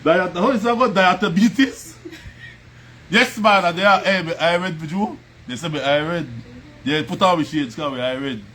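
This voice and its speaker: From home, with music behind him and a little hiss or hum on the recording, a man hosts a relaxed livestream in a Belizean Creole English accent. His voice sits high, a bit bright and unhurried. He's chatty, laughs often and greets viewers by name.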